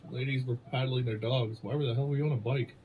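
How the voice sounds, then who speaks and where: A man's voice: mid-range voice, fairly even intonation, fast, husky, phone-quality sound. A man co-hosting a podcast in casual comedic chat, throwing in sarcastic quips. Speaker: podcast co-host.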